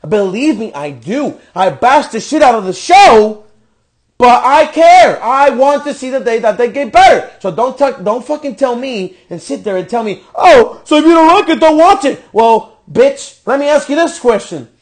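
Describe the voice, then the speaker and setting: High-voiced, profane ranting man. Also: expressive, normal speed. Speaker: podcast host. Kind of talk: ranting wrestling show review.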